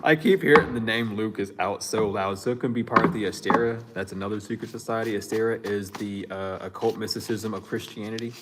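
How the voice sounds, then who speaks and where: A man's voice: on the low side, steady tone, a little fast, few pauses, very noisy. A man giving a loose, slangy psychic reading to his viewers, chuckling and thinking aloud with restarts. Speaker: psychic reader. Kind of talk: casual spiritual reading to viewers.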